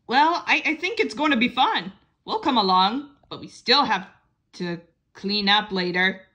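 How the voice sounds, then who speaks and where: A woman's voice: fairly high pitch, lively intonation, a little slow, pushed and bright, muffled recording. A woman hosting a children's puppet show, talking in a playful, chatty way. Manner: playful, chatty, sings along.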